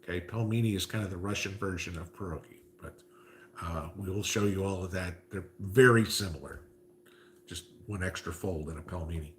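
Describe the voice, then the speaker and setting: A man's voice: deep voice, brisk, fairly bright tone. A man hosting a casual livestream, reading viewer comments and chatting, with frequent "okay?" asides. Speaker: livestream host reading chat.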